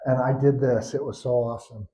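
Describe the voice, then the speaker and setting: An older man telling stories in an animated, expressive way at a live storytelling performance. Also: mid-range voice, fairly quick, poor audio.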